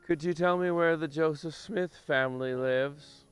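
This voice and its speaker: A man's voice: fairly high pitch, a little slow, clear, resonant tone, faint music behind, pitched above the performer's own voice, close to an everyday voice. A man voicing a courteous young man who calls out across a field to ask directions. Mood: polite.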